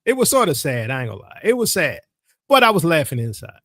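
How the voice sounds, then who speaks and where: A man teaching his followers in a loose, colloquial monologue, his voice swinging widely up and down as he tells his story. His pitch sits somewhat high for a man. The sound is close and dry, with no room around it. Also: sing-song, fast talker, fairly bright tone, no room sound. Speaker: religious teacher. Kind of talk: casual religious commentary monologue.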